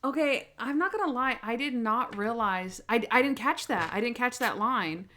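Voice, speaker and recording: A woman co-hosting a podcast, chatting casually and retelling scenes in animated bursts. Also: on the high side, moderate pace. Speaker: podcast co-host. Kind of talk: casual chat.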